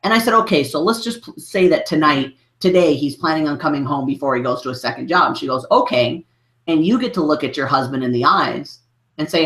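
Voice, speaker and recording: A man's voice: on the high side, a little fast, a bit bright. A man, a business coach, telling a story in a podcast interview, rambling with many restarts and filler phrases. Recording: roomy echo.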